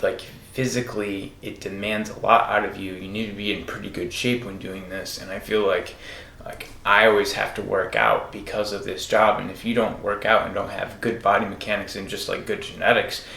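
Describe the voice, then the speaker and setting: A man who works as a travel nurse, hosting his own show in a relaxed monologue with lots of fillers. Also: lowish voice, normal speed, vocal fry, slight background noise. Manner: relaxed, filler-heavy speech. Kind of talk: casual solo show monologue.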